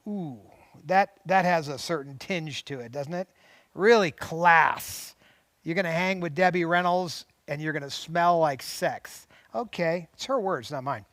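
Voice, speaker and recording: A man's voice: on the high side, normal speed, few pauses, fairly bright tone, no room sound. A man hosting a show, reading a memoir aloud on a lapel mic with chatty asides and commentary. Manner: chatty asides, frequent restarts and laughs. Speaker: host.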